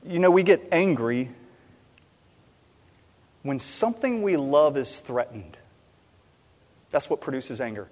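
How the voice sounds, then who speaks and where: A man delivers a sermon with an animated, slightly high voice. He swings from loud emphasis to hushed, quiet asides. His voice carries with a long reverb through a church sanctuary. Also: slow pace, long pauses. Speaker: pastor. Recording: long reverb in a large hall.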